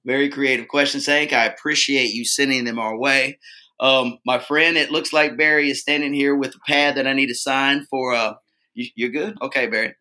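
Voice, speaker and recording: A man chats loosely as a podcast co-host, his voice bright and forward. He jokes easily and rambles, leaning on fillers as he goes. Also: medium pitch, fairly even intonation, moderate pace. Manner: easygoing, joking, rambling with fillers. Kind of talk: casual podcast chat.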